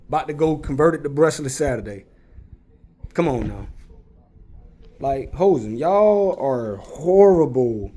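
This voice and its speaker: A young man giving a casual, animated rant while reviewing RC cars, repeating himself in exasperation. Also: high voice, a little hiss or hum. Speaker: RC car reviewer.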